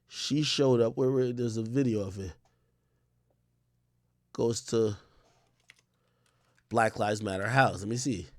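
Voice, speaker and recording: A man with a mid-range voice hosts a casual commentary livestream, blunt and emphatic, swearing plenty and repeating himself. He talks slowly with frequent pauses, and the recording is dry.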